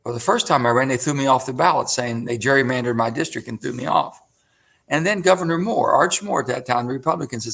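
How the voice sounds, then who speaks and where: A man's voice: mid-range voice, fast, creaky, husky. An older man, a senator telling folksy stories of his start in politics as an interview guest. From West Virginia. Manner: folksy, animated retelling with acted quotes. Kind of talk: storytelling interview answer.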